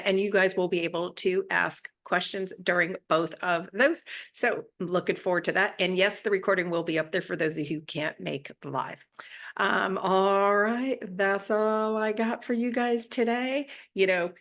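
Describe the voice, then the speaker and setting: A woman's voice: fairly low pitch, vocal fry, a bit bright. A woman hosting a spiritual channel, giving a casual, chatty monologue and often checking in with her listeners. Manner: chatty, often adds tag questions.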